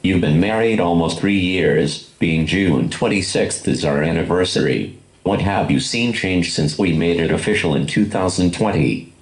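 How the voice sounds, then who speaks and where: A man's voice: sits low, moderate pace. A man interviewing his wife in a casual chat, plain and reserved in manner. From Illinois. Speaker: husband, interviewer. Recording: echoey room.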